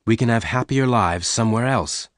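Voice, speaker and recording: A man's voice: medium pitch, normal speed, no echo, studio quality, pitched above the performer's own voice, natural voice. A man voicing an earnest young frontier man who speaks reassuringly.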